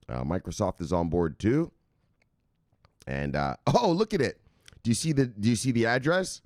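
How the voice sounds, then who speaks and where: A man's voice: on the low side, very animated, normal speed, a little mellow, no room sound, clean studio sound. A man hosting a crypto news video, rambling casually through the news with profanity and lots of fillers.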